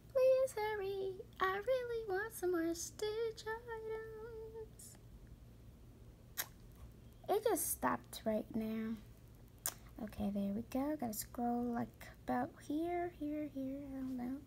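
A woman giving excitable, gushing commentary to her viewers while shopping in a game. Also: high-pitched, a little hiss or hum. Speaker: gaming vlogger.

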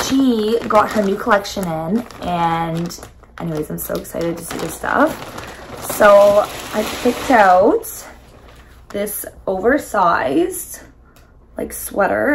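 A young woman with a raspy, hoarse voice, full of gravelly fry and scratchiness. She talks in a bubbly, chatty vlog manner, filler words sprinkled through, and is recorded on a phone camera. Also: medium pitch, background noise. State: hoarse from yelling and singing. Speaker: vlogger. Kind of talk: casual vlog chat.

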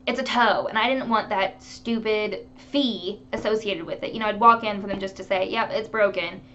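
A woman vlogger chatting to camera, telling animated stories with laughter. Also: medium pitch, normal speed, dull audio, slight background noise. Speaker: beauty vlogger. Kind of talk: casual chat to camera.

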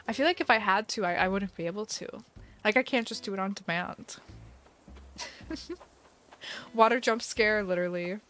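A young woman casually telling a story while streaming a game, chatty and animated with many fillers and laughs. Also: medium pitch, moderate pace, long pauses. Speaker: gaming livestream host.

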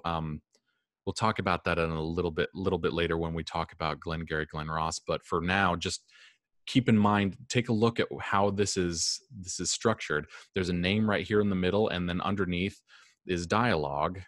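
A man's voice: deep voice, fairly bright tone, no echo, clean studio sound. A man teaching a class in a casual, rambling way, with frequent ums and restarts. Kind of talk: classroom lecture.

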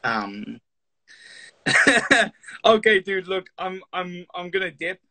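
A man's voice: sits high, sing-song, takes it slowly, bright, forceful tone, no room sound, rough recording. A man interviewing a guest on a live stream in an eager, playful way, often stammering and restarting his questions.

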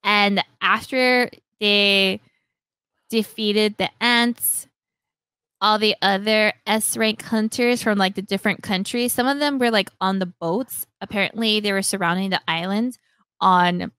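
A young woman hosting a podcast, animatedly retelling a story, acting out lines in quick voices and laughing often. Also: medium pitch, fairly even intonation, pushed and bright, clear, resonant tone, no echo. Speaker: podcast host. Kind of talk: casual chat retelling a story.

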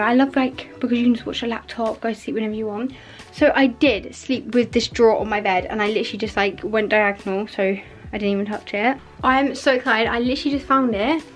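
Chatty young woman, breathy and rambling. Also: fairly high pitch. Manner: chatty, rambling, fillers like "like" and "literally". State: a bit out of breath. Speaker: vlogger. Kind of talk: casual vlog chat. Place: her bedroom at home.

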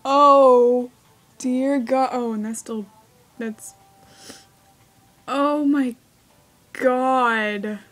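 A woman's voice: high voice, fairly even intonation, extremely slow, long pauses, rough recording. A woman doing let's play commentary, yelping and squealing as she reacts to the game. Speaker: gamer.

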